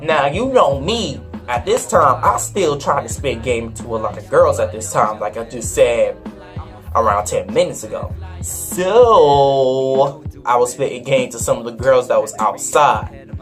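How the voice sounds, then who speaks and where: A young man telling a story in a casual, slangy, animated way, with faint music behind him. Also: mid-range voice, a little slow. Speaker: vlogger. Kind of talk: storytime vlog.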